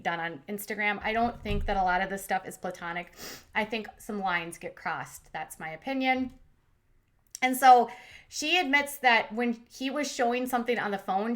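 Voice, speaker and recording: A woman's voice: fairly high pitch, fairly bright tone. A woman hosting a commentary channel, recapping reality TV in a chatty, opinionated way and acting out quotes in voices.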